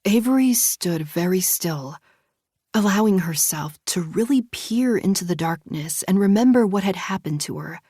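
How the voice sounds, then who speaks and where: A woman narrating a suspense audiobook in a hushed, tense read. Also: medium pitch, expressive, normal speed, husky, no echo, clean studio sound. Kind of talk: scripted narration.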